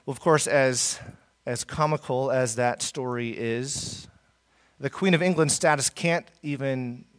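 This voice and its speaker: A man's voice: mid-range voice, a bit bright. A man preaching a sermon as pastor, earnest, with many fillers and restarts.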